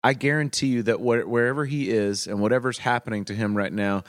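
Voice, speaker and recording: A man co-hosting a podcast in casual chat, with halting restarts and dry humor. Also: medium pitch, fairly even intonation, no echo. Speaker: podcast co-host.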